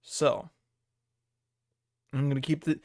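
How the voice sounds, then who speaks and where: A man with a somewhat high voice chats his way through a live-stream podcast, rambling and laughing often as he thinks aloud. The sound is dry and close, with no room echo. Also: little pitch movement, takes it slowly, darkish tone. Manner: loose and digressive, laughing often; thinks aloud while looking things up. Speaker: livestream podcast host.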